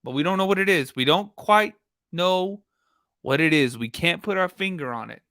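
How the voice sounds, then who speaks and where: Tired male streamer, rambling and profane, bright tense voice, fairly high. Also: animated, moderate pace, dry recording, studio quality. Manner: rambling, profane, addresses viewers as y'all. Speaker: live stream host. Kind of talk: casual live commentary.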